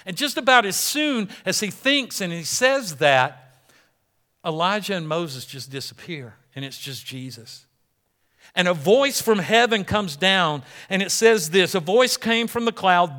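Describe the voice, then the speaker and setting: Bright-voiced male pastor preaching. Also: high-pitched, measured pace. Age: middle-aged. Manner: animated, acts out people in quoted dialogue. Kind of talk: sermon.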